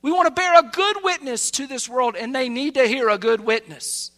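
Male pastor, very high voice, bright and pointed tone, fervent sermon delivery swinging from hushed to loud. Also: normal speed. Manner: fervent preaching that swings between soft asides and loud, raised bursts.

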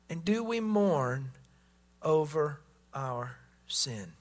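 A man's voice: high voice, animated, a little slow, vocal fry, a bit bright. A man preaching a sermon as pastor, emphatic, often repeating words as he presses his points.

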